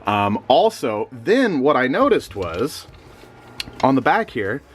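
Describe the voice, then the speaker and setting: Young man, sleepy, rambling filler-heavy chat, mid-pitched voice, faint room hum. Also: sing-song, slow. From Missouri. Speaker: eBay reseller vlogger. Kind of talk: casual chat.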